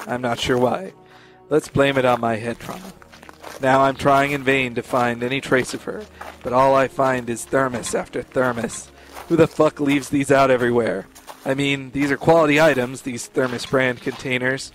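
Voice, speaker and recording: A man with a dry, sardonic delivery, narrating a mock-serious story for a gaming podcast. His pitch sits in the middle of the male range, with faint music in the background. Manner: dry, sardonic, swears freely. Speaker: podcast co-host. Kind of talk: deadpan comedic narration and casual chat.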